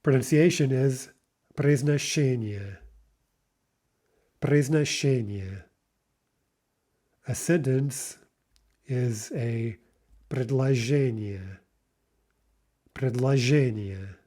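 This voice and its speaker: Slow-paced, mellow-voiced male language teacher. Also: medium pitch. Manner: says each word slowly then repeats it; patient, explanatory asides. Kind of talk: slow vocabulary lesson.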